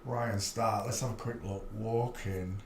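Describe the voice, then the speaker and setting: A man with a voice on the low side speaks a little slowly in a steady tone while hosting a livestream. He's blunt, chatty and prone to rambling, chuckling at his own jokes as he gives casual commentary. A little hiss or hum and a roomy echo colour the audio.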